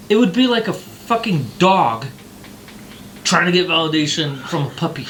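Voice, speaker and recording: A man's voice: a little high, lively intonation, moderate pace, background noise. A man co-hosting a casual talk show, ranting heatedly and swearing often. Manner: profane, heated ranting with mocking put-on voices. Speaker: podcast co-host.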